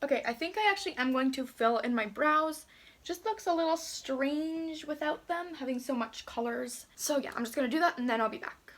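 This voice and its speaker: High-voiced woman chatting through a makeup tutorial. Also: lively intonation, a little fast, a bit bright. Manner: chatty, self-deprecating, talks while doing makeup. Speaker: beauty vlogger. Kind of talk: casual makeup tutorial chat.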